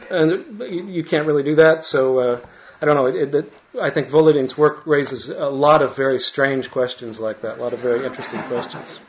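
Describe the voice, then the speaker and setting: A man's voice: medium pitch, muffled recording. A man who translates literature, reading a paper aloud and adding hesitant, restarting asides in an academic manner. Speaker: literary translator giving a talk.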